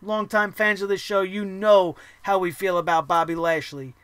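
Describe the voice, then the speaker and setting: Guy ranting about wrestling, swears a ton, really high bright voice. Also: normal speed, clear, resonant tone, no room sound. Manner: profane, heated, animated ranting. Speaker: wrestling show host.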